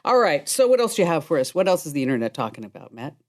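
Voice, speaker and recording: A woman's voice: deep voice, big pitch swings, rapid-fire. Playful woman hosting a tech show. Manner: playful, teasing questions. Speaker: show host. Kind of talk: casual chat.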